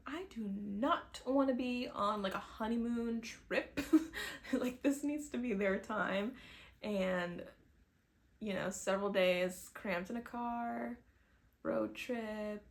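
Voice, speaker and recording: A woman's voice: medium pitch, steady tone, a little slow, gravelly. A young woman chatting casually to camera, telling a personal faith story and acting out her own past thoughts. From New England, US. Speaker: vlogger sharing a faith testimony.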